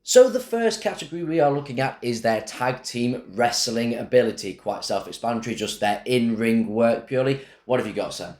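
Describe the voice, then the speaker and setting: A man's voice: mid-range voice, animated, brisk, hardly any pauses, a little mellow. A man co-hosting a casual wrestling show, dry and presenter-like. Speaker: co-host of a wrestling rankings show. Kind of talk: casual chat. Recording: echoey room.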